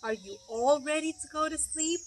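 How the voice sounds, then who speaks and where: A woman voicing a patient father chicken at bedtime in a read-aloud picture book, gentle but mildly stern. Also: high voice, normal speed, heavy background noise, natural voice.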